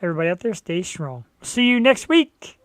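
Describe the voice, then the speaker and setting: A man hosting a live online show, chatting casually in an excitable, rambling, joking way. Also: high-pitched, fairly quick, a little hiss or hum. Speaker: host.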